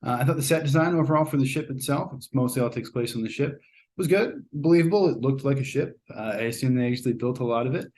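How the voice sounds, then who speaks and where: A man's voice: mid-range voice, fast, a little mellow. A man giving a casual, rambling spoken movie review, with frequent ums and uhs.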